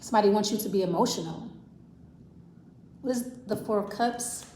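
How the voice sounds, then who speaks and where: A woman's voice: mid-range voice, moderate pace, dark tone, a little hiss or hum. Woman reading tarot in an echoey room. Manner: rambling, thinking aloud with restarts and self-repeats. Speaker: tarot reader. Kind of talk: casual tarot reading to camera.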